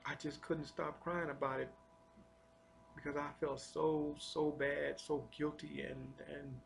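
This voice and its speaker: A man telling a personal spiritual testimony in an earnest, confessional way, halting and often repeating his words. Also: on the high side, level tone, creaky, slight background noise. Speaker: storyteller sharing a personal testimony.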